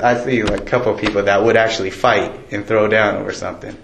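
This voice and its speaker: A man's voice: lowish voice, fairly even intonation, a little fast, creaky, few pauses, slight background noise. A pastor giving a casual, conversational sermon, joking with his congregation in a church. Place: church sanctuary. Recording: echoey church room, faint ambience.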